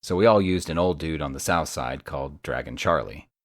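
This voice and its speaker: Male audiobook narrator, very low voice, dry sardonic delivery, close dry studio sound. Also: a little fast, no room sound. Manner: wry and sardonic. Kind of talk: first-person audiobook narration.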